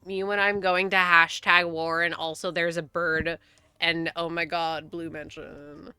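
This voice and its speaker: Bright, jokey young woman streamer. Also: fairly low pitch, flat delivery, unhurried, smooth, dry recording. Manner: chatty, jokey, swears, reads dialogue aloud. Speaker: game streamer. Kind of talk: casual live-stream commentary.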